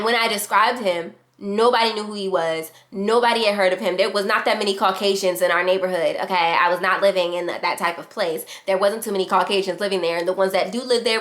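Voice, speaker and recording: A young adult woman vlogger telling a casual storytime in a fast, animated way, acting out the quotes. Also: medium pitch. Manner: fast-talking, animated retelling with quoted voices.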